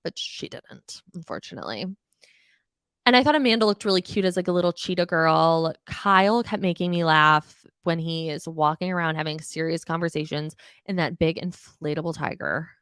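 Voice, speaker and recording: In a fairly low, clear, resonant voice at a moderate pace, a young adult woman hosts a podcast recapping reality TV. She's casual, animated, and exasperated, swearing freely and mimicking people, with clean studio sound and no room noise.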